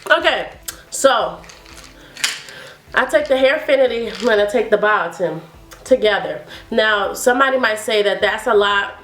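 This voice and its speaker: A woman's voice: mid-range voice, animated, measured pace, a bit bright, roomy sound. A woman vlogging about hair care in a chatty, upbeat and encouraging way. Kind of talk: casual vlog talk to camera.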